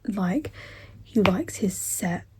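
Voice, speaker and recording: A young woman chatting casually in a reading vlog, giggly, with soft whispered asides. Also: mid-range voice, expressive, slow pace, noisy background. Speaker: book vlogger.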